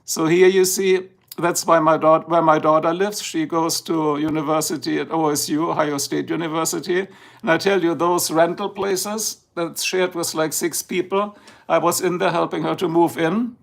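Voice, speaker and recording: A middle-aged man with a German accent hosts a livestream, rambling casually and slipping between English and German. His slightly high voice is gravelly and creaky, and he sounds freshly woken up. He speaks at normal speed with a flat delivery.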